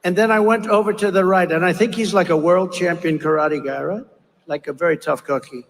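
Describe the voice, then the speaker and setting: An older man with a high-set voice rambles through a campaign rally speech, mocking and repeating himself. His voice rings through the long echo of a large rally venue. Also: fairly even intonation, brisk. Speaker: political candidate.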